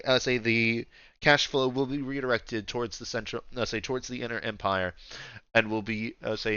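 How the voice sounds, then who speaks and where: Guy doing a stern warrior woman reporting to her boss, halting and formal, muffled sound. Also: on the low side, sharp tone, no room sound. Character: stern female warlord, loyal subordinate.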